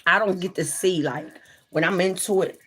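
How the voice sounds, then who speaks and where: A woman's voice: lowish voice, moderate pace, a bit bright, slightly rough. Candid swearing woman chatting on a livestream. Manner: candid, swears freely, reads out viewer comments. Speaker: livestream host. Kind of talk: casual livestream chat.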